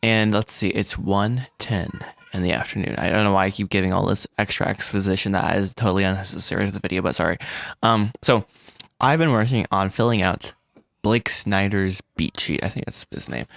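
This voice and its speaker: A man vlogging about making his animated film, rambling and self-deprecating, with frequent restarts and little laughs. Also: low-pitched, fairly quick, creaky. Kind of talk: casual solo vlog.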